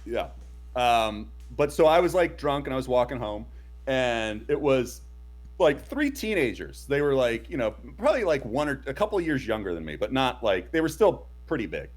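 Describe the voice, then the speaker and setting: A man's voice: medium pitch, very animated, moderate pace. A man co-hosting a casual streamed chat show, telling a long rambling story with lots of fillers. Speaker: podcast co-host. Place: home streaming setup.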